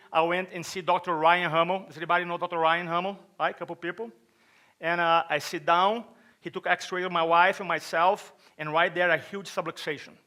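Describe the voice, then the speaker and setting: Brazilian guy on stage telling his story, bright voice, kinda high, acts out what people said. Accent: Brazilian Portuguese. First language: Portuguese. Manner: storytelling, acts out quotes, asks the audience. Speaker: speaker at a chiropractic event. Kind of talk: motivational stage talk.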